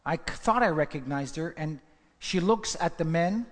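A male preacher with a somewhat high voice delivers a testimony sermon, telling the story dramatically and rising into fervent exhortation. His voice rings out with a long hall reverb around it. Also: expressive, normal speed.

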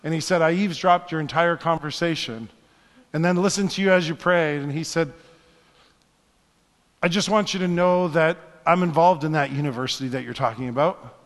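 A married man preaching a sermon, telling a story with hushed asides and building to fervent exhortation. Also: fairly high pitch, normal speed, long reverb tail. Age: adult, married. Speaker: pastor.

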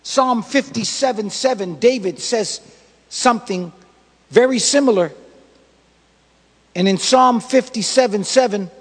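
A male pastor preaching a sermon in an emphatic, repetitive way that builds to shouts. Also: high voice, unhurried, pauses often, slightly rough, big-room sound, rough recording.

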